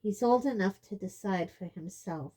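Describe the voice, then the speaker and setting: A woman's voice: medium pitch, mellow, husky, close to an everyday voice. A woman reading an audiobook, voicing a mild, thoughtful man who speaks reasonably. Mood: calm. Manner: measured, reasonable.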